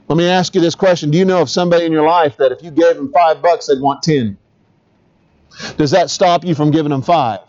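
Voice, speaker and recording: A man's voice: a little high, darkish tone, lo-fi sound. A middle-aged man, a pastor, preaching a conversational sermon, asking the congregation questions and adding humorous asides.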